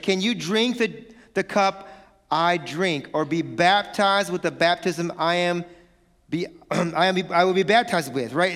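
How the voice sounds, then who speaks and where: Man, pastor, sermon, high voice, playful and animated, long hall reverb. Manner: animated, playful, acts out family quarrels.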